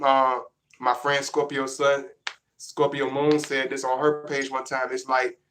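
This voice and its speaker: Bright-voiced man rambling casually. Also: medium pitch. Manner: rambling, repetitive, restarts sentences. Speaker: vlogger. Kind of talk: casual monologue to camera.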